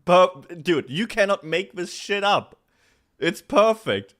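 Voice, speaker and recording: A man's voice: high voice, lively intonation, takes it slowly. Laughing German man streaming. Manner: laughs often, reacts loudly to chat. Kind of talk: casual stream chat.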